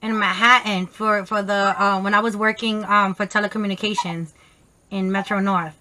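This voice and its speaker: A woman tells a story to her camera in a casual, animated, profane way, full of slang and quoted voices. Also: mid-range voice, normal speed, slight background noise. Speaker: vlogger.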